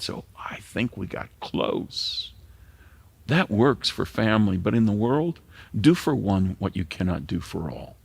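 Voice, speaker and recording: Deep gravelly-voiced man preaching. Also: no room sound. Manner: earnest, drops to a hushed near-whisper at times. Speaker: pastor. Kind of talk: sermon.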